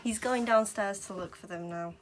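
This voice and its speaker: A woman's voice: medium pitch, moderate pace, crowd noise. A young woman vlogger chatting playfully with her dog, slipping into baby talk and laughing often. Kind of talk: casual chat with her pet.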